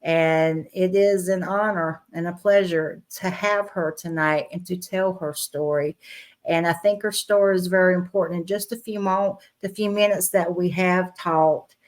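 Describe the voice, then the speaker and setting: A woman with a fairly low voice hosting a casual podcast. She introduces her guest in an effusive, rambling way, with plenty of ums and restarts. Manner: warm, effusive introduction with many fillers. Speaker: podcast host.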